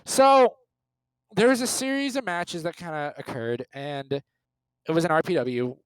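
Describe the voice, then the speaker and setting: A man's voice: on the high side, unhurried, smooth, no echo, low-quality recording. A young man chatting casually as a podcast guest, rambling and easily sidetracked. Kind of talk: casual chat.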